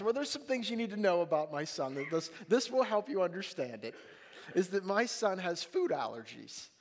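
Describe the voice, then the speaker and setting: A man preaching a sermon as a pastor, telling a family story in an animated, jokey way and acting out the dialogue. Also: on the high side, measured pace, a little hiss or hum. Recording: long reverb of a large hall.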